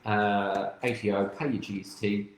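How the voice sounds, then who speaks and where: A man's voice: fairly low pitch, fairly even intonation, moderate pace, very echoey, a little hiss or hum, low-quality recording. A man with a New Zealand accent, chatting casually and bluntly about business as podcast host. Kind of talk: casual chat.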